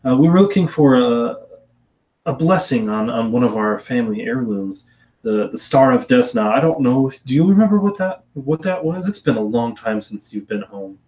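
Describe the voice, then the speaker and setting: A man's voice: medium pitch, animated, moderate pace, a little mellow, lightly acted, rough recording. A man voicing a polite noblewoman who speaks in a gracious, somewhat rambling way. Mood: courteous. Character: polite noblewoman at her desk.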